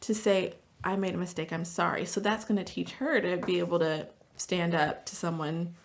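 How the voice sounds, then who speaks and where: A woman's voice: lowish voice, steady tone, normal speed. A middle-aged woman, a therapist, talking casually on a podcast and acting out family dialogue as she tells stories. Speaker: therapist guest.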